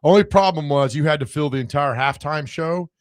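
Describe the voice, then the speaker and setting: A man co-hosting a sports radio show, hoarse from screaming, telling animated, self-mocking stories. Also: a little high, brisk, no room sound, studio quality. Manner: animated storyteller, laughs at himself. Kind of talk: casual sports radio banter.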